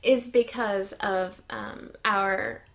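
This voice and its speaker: A woman's voice: mid-range voice, fairly even intonation, extremely slow, a bit bright. A woman, co-hosting a podcast in casual chat, talking freely with fillers and easy laughter. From United States. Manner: chatty, laughs easily, many fillers. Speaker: podcast co-host. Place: lives in Sweden.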